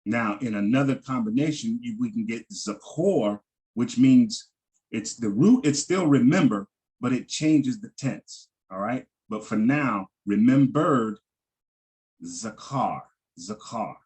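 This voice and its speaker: A man leads a vocabulary lesson at a very slow, deliberate pace, sounding out each word several times. His voice sits at an ordinary middle pitch, and he pauses often with ums as he explains. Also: animated, darkish tone. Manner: patient, repeats words slowly, frequent ums. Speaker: teacher.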